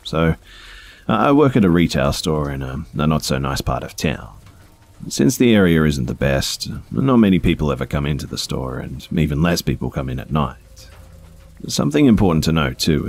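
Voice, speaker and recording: A man with an extremely low voice and a breathy, husky edge reads first-person stories aloud. He keeps it conversational, with small fillers along the way. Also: darkish tone. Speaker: storyteller.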